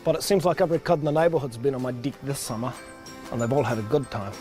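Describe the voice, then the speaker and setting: A man doing a deadpan New Zealand deck-sealant pitchman. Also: fast talker, faint music behind, natural voice. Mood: deadpan earnest. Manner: straight-faced sales pitch. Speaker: pitchman in a commercial.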